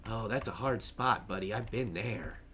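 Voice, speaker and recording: A man's voice: lowish voice, moderate pace, a bit bright, a little hiss or hum. A man casually narrating his own gameplay on a stream, chatty, joking and laughing to himself as he plays.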